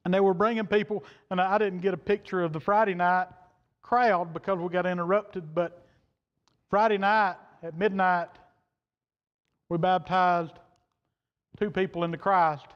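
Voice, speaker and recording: A man's voice: sits high, steady tone, a little slow, pauses often. A man preaching a sermon, telling a story in a folksy, plain-spoken way and quoting the people in it. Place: church sanctuary. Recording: dull reverberant church hall audio.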